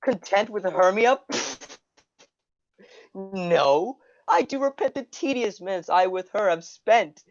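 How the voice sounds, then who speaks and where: A woman's voice: medium pitch, expressive, slow pace, no room sound, lo-fi sound. A woman playing the young lover Lysander, speaking verse earnestly in a community theatre reading. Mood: ardent. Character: young Athenian lover Lysander, ardent man.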